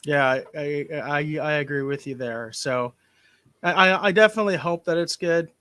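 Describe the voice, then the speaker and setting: A man hosting a casual podcast chat, animated and opinionated, with big swings in loudness. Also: on the high side, normal speed, clear, resonant tone, dry recording. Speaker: podcast host.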